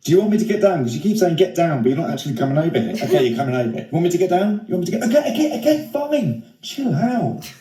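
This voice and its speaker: A man voicing a bored, sarcastic house cat who teases its owner in a deadpan way. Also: fairly high pitch, racing, roomy sound, slight background noise. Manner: deadpan, teasing.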